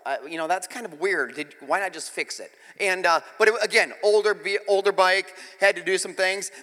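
A man preaching a sermon and opening with a long, self-mocking personal story told in a relaxed, chatty way. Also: high voice, long reverb tail. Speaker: pastor.

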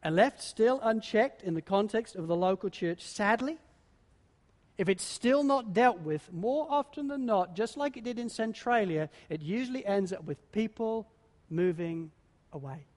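A male pastor preaching a sermon, telling a story and swinging between hushed and loud for emphasis. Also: high-pitched, animated, a little slow. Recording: long reverb of a large hall.

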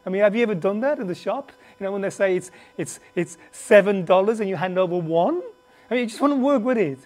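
Standing before a group in a meeting room, a preacher teaches a Bible class in a medium-pitched, darkish voice at a fairly quick pace. He's conversational, restarts and goes off on asides, often emphatically questions the audience, and has a slight cough.

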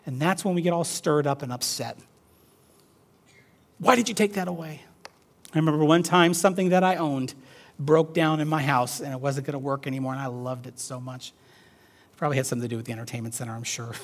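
A man preaching a sermon as pastor, swinging between loud emphatic urging and hushed quiet asides. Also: medium pitch, steady tone, fast talker.

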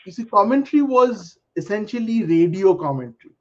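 A middle-aged man speaks with a measured, reflective manner, working through his points in order. His voice sits fairly high. The recording is a bit dull and lo-fi. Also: animated, a little mellow. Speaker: panel guest. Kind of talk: casual panel chat. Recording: dull lo-fi sound.

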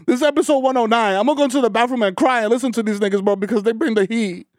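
A man's voice: very high-pitched, racing, no room sound. A man co-hosting a comedic podcast, delivering a profane, ranting comic bit in a studio. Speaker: podcast co-host. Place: recording studio.

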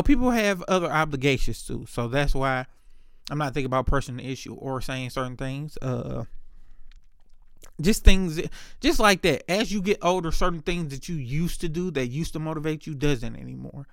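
A man speaks in a loose, candid monologue, swearing freely and leaning on fillers as he tells his stories. His voice sits a little high for a man. The sound is dry, with no room echo. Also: fairly bright tone, smooth. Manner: candid, profane storytelling with many fillers. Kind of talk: casual monologue.

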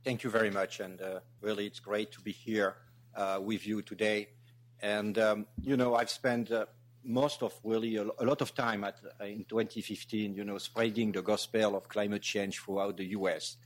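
A man from France with a French accent giving welcome remarks as a guest speaker, halting with many restarts and fillers. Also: lowish voice, level tone.

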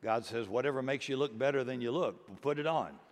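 A man's voice: medium pitch, a little fast. Preaching man in a reverberant hall. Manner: earnest preaching, rising to emphatic bursts. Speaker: pastor. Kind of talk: sermon.

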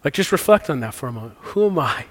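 A man's voice: a little high, sing-song, fast. A man preaching a sermon and leading communion and prayer in an earnest, conversational way with casual slang. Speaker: pastor. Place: church sanctuary. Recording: long hall reverb.

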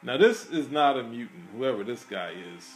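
A man's voice: medium pitch, big pitch swings, normal speed, faint music behind. A man co-hosting a podcast, chatting casually about a film in a rambling, hesitant way with many restarts. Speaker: podcast co-host. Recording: echoey room.

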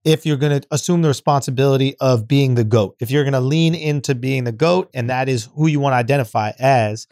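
A man's voice: medium pitch, a little mellow, no room sound, clean studio sound. A man co-hosting a podcast, arguing his point in slangy casual banter. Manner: argumentative, slangy, quick to debate. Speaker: podcast co-host.

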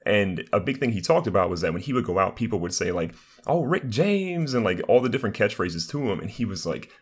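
A man's voice: sits low, animated, fast, slightly rough. A young man who is a streamer guest on a podcast, chatting casually in an upbeat, rambling way full of "like" fillers. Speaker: guest, streamer and content creator.

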